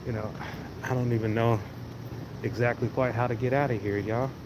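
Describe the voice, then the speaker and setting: A man's voice: medium pitch, steady tone, moderate pace. A man hosting a casual livestream, rambling in an easygoing way and talking to viewers as he walks through a large indoor venue on a phone mic. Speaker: livestream host. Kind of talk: casual walking livestream chat. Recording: noisy venue background.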